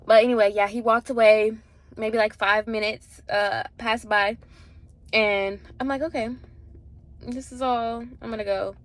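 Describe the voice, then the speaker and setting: A young woman in her twenties chatting casually at the gym, animated and full of "like", acting out the people in her story. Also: fairly high pitch, measured pace, dry recording. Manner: animated, acts out voices in quotes, frequent "like" and swearing. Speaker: vlogger.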